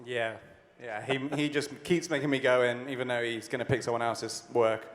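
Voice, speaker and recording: Male artist panelist, casual and wry, mid pitch, hall echo. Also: fairly even intonation, normal speed. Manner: wry, laughing. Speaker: concept artist. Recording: echoey convention hall.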